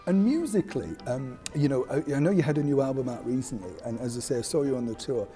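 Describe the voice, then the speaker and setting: An interviewer asking chatty questions in a celebrity interview, effusive and quick, laughing often. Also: medium pitch, expressive, warm tone, soft background music.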